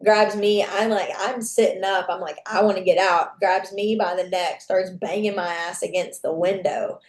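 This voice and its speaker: A woman's voice: mid-range voice, fairly even intonation, moderate pace. A young adult woman, a podcast guest, tells a personal story frankly, swearing freely and acting out what people said. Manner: candid, profane, reenacts dialogue. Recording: echoey room.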